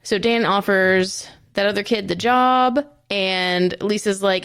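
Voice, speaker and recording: A woman's voice: mid-range voice, steady tone, takes it slowly, hardly any pauses, a bit bright, smooth, no echo, studio quality. A woman co-hosting a podcast, recapping a TV episode in a chatty, profane and self-mocking way. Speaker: podcast co-host.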